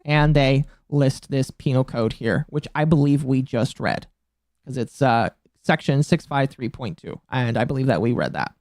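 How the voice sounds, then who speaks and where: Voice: mid-range voice, moderate pace, darkish tone, dry recording, clean studio sound. A streamer in their mid-twenties giving casual live-stream commentary, talking bluntly and profanely with a mocking tone that climbs into indignant outbursts. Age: mid-20s.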